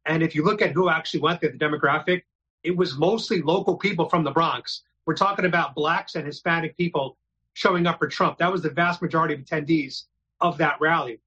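An earnest man from New York City speaks as a guest in a casual interview, laying out his experiences plainly. His voice sits a bit high for a man, with a bright, tense edge and a husky grain. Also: brisk, highs cut off.

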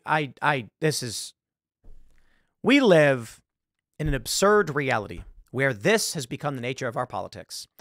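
A man hosting a political commentary monologue, sarcastic and emphatic, jumping between loud jabs and quiet asides. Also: fairly high pitch, creaky, no echo, clean studio sound. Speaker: commentary host.

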